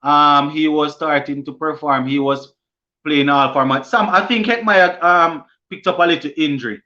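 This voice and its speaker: On a lo-fi stream recording, a sports channel host runs a cricket live stream, reading viewers' comments aloud and replying casually. He's a young man with a Jamaican accent whose voice leans high, bright and forceful, delivered at a moderate pace.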